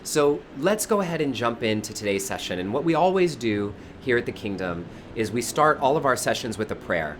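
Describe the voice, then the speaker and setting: This Bay Area, California man has a mid-range, fairly bright voice and talks expressively and briskly with few pauses. Outdoors in front of a high-up window, he live-streams a spiritual session, effusively welcoming viewers by name and teaching over faint outdoor noise.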